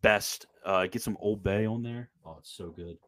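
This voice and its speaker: A man's voice: on the low side, moderate pace, a bit bright, no room sound. A man from Maryland with a Maryland accent, hosting a casual livestream chat in a rambling, laid-back way full of fillers. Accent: Maryland American. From Maryland, USA. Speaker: show host.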